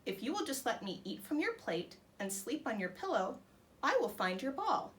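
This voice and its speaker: A small, polite frog coaxes softly but keeps insisting, read by a woman. The lines rise and fall in a lively storybook voice. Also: fairly high pitch, normal speed. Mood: coaxing.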